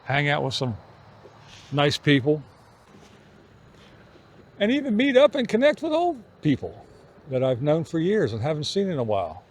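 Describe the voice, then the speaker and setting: A middle-aged man vlogging on an evening walk outdoors, musing in an unhurried way with pauses between phrases. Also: fairly high pitch, big pitch swings. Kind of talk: reflective walking vlog chat.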